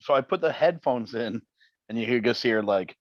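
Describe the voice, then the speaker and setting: A man who is a guest on a podcast, telling wry stories in a casual, animated way. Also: mid-range voice, normal speed, no echo, highs cut off. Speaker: interview guest, TV paranormal investigator. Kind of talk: casual interview chat.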